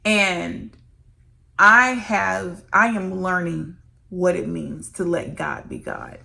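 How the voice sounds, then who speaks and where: Earnest, gravelly-voiced woman minister. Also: fairly low pitch, big pitch swings, slow, sharp tone. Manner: earnest, emotional, addresses viewers as "y'all". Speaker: licensed minister and vlogger. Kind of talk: candid faith testimony to camera.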